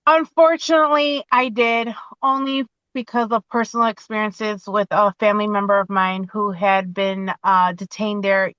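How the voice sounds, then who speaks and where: A woman in her forties, a podcast guest talking from her car, telling her own story in an animated way and acting out what she said. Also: medium pitch, normal speed, hardly any pauses, dry recording, muffled recording.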